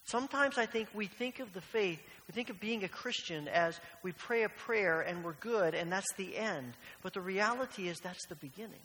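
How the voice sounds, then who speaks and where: A man's voice: high-pitched, moderate pace, few pauses, bright, forceful tone. A man preaching a sermon as pastor, earnest and questioning, often repeating phrases. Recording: long hall reverb, faint hiss.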